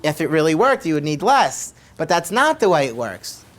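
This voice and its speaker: Chiropractor telling a patient story. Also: male voice, a little high, big pitch swings, normal speed, a bit bright. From United States. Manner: conversational, repeats questions for emphasis.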